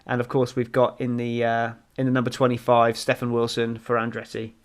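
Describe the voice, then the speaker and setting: A man's voice: mid-range voice, completely flat delivery, fairly quick, clear, resonant tone. A man co-hosting a casual motorsport podcast, rambling through results with plenty of ums and restarts. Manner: rambling, runs through standings with many fillers. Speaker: podcast co-host.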